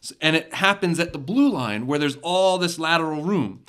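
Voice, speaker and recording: A man's voice: fairly high pitch, expressive, moderate pace, crowd noise. A man co-hosting a casual movie-chat show, explaining things in a dry, joking way. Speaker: podcast co-host.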